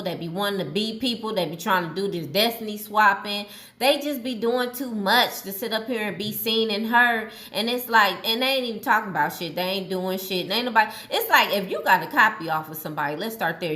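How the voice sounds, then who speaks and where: Blunt animated woman with a bright voice. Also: mid-range voice. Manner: animated, blunt, swearing, retells talks with God. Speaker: podcast host. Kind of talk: casual motivational monologue.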